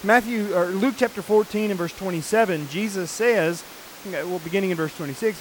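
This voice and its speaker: A man with a fairly high voice delivers an earnest sermon and explains scripture step by step. A faint hiss sits under the recording. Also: moderate pace, rough recording. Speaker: preacher.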